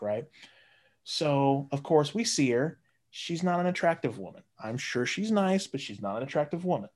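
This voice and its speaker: A man's voice: medium pitch, moderate pace, darkish tone. A man casually telling a long, profane story, jumping into raised voices when he quotes his friends. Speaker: guest storyteller.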